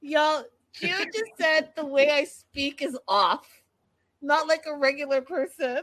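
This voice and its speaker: High, slow-talking Canadian woman. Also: fairly bright tone. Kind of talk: casual chat, reading comments.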